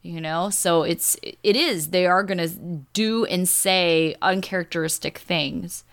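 Chatty woman with a low, smooth voice. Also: unhurried, a bit bright. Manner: chatty, emphatic, says "you know" often. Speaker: podcast co-host; teacher. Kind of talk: casual chat recapping a reality show.

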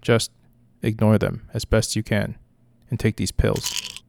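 A man reading the lines of a calm, secretive male psychiatrist, measured and reassuring. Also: fairly low pitch, gravelly, slight background noise.

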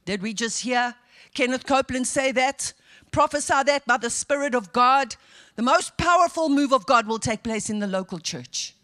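Woman pastor, high voice, sermon delivery that swings from hushed asides to fervent peaks. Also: animated, moderate pace. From South Africa. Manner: preaching with rising fervent outbursts and quiet asides.

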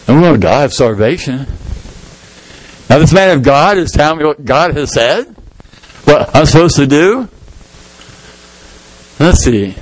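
A man's voice: on the high side, vocal fry, poor audio. A middle-aged man preaching a sermon as pastor in a folksy, storytelling way, acting out the people in the story. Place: church sanctuary.

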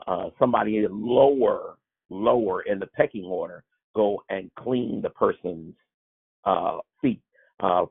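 Low gravelly man, informal small-group Bible teacher, tinny lo-fi line. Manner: halting, many fillers and restarts. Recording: tinny phone-like sound.

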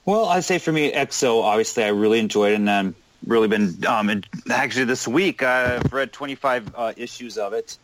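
A man's voice: medium pitch, fairly quick, hardly any pauses, fairly bright tone, rough recording. A man chatting casually as a podcast co-host, rambling a little with hesitations. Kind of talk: casual chat about comics.

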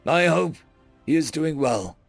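A man voicing a frail, dying male alien diplomat who speaks weakly through pain in halting, pleading phrases. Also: on the high side, lively intonation, vocal fry, no echo, faint music behind, full character voice. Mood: pained farewell. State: weak and pained, coughing.

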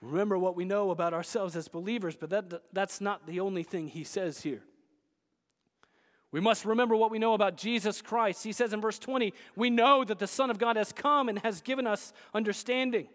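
High-pitched guy preaching a sermon, big booming hall reverb, gets loud then goes quiet. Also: brisk. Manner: emphatic preaching, swings between loud and hushed. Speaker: pastor.

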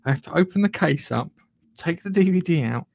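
A man's voice: a little high, expressive, a little fast, gravelly, darkish tone, no room sound, clean studio sound. A man co-hosting a podcast, chatting casually in a rambling way and swearing freely. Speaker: podcast co-host. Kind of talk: casual chat.

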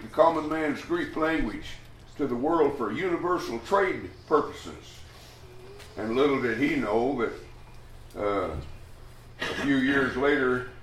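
A man with a fairly high-pitched voice preaches in a church hall, working through scripture in a folksy, rambling, unhurried way, restarting sentences and chuckling as he goes. His voice carries room echo and sounds distant from the mic, with slight background noise.

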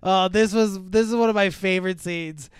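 Clear-voiced man rambling about movies. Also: high voice, normal speed, dry recording. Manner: rambling, laughing, full of fillers. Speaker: podcast host. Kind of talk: casual movie-review chat.

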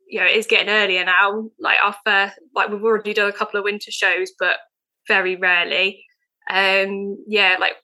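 Woman, young, bright-toned podcast guest, eager and filler-heavy. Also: medium pitch, low-quality recording. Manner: chatty and eager, many fillers. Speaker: guest, veterinary nurse. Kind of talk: casual podcast chat.

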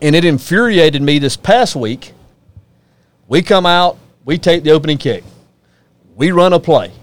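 A man's voice: a little high, expressive, unhurried. A man hosting a casual sports talk show, folksy and opinionated, ribbing his guests.

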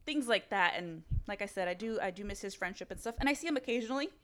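A woman's voice: medium pitch, expressive, fast, a bit bright. A young woman co-hosting a podcast, telling a personal story in casual chat, candid and full of fillers and swearing. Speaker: podcast co-host.

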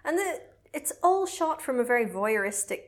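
A woman co-hosting a casual podcast, retelling a film in a chatty, animated way. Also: high-pitched, moderate pace. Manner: chatty, animated storytelling with laughs. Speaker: podcast co-host recapping a film. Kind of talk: casual chat.

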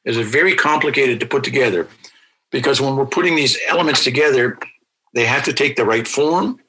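A man who teaches a language, answering interview questions in a patient, explanatory way and repeating example words slowly. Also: mid-range voice, pushed and bright, a little hiss or hum, poor audio.

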